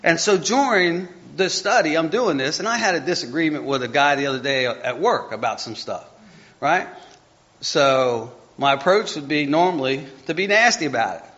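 A man's voice: fairly high pitch, lively intonation, moderate pace, a bit bright. A man giving a conversational sermon, chatty and self-deprecating, reading scripture aloud and stumbling over the text as he goes. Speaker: preacher. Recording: dull lo-fi recording.

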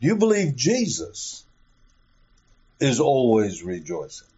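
A man's voice: mid-range voice, huge pitch swings, takes it slowly, dark tone, breathy edge. A middle-aged or older man preaching a sermon emphatically. He asks rhetorical questions and repeats key phrases. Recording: dull lo-fi recording.

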